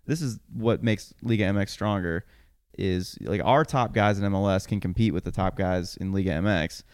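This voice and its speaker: Podcast co-host, male, low and smooth, loose self-correcting delivery, dry close mic. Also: moderate pace, darkish tone, dry recording. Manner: rambling, self-correcting, laughs often. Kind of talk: casual chat.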